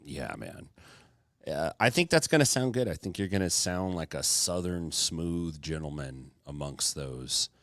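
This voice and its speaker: A man's voice: a bass voice, measured pace, dry recording, studio quality. A man hosting a podcast in casual chat, joking around and slipping into silly impressions. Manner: animated, jokey, does silly impressions. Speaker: podcast host.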